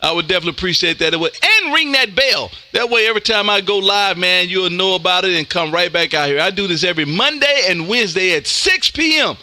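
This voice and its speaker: Loud, high, bright Texas ham operator. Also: male voice, fast talker, few pauses, no echo, studio quality. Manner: loud, energetic, says "man" constantly. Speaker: ham radio operator streaming live. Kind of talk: on-air radio contacts and chat. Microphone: close studio mic with headphones.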